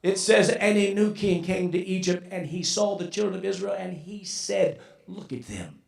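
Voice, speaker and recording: An older man preaching a sermon, moving between shouting and hushed, tearful passages. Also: high voice, steady tone, moderate pace, gravelly. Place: large civic center banquet hall. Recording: echoey hall from far off.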